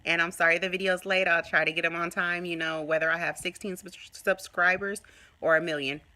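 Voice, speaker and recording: A woman vlogging casually to her phone, telling a story in an animated way and acting out what people said. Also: on the low side, fairly quick. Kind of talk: casual chat to camera.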